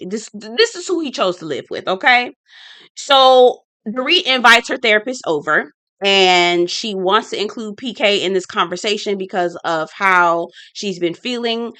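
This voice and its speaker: A woman's voice: medium pitch, bright, forceful tone, no room sound. A woman hosting a casual reality-show review vlog, blunt and sassy, talking straight to her viewers and repeating her points for emphasis. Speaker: reality TV recap host.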